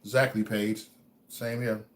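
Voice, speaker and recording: A livestream host delivers a motivational talk to his chat in a lowish, level voice at an unhurried pace. He says the same phrases repeatedly, stammers on particular words, and moves between soft musing and booming preaching.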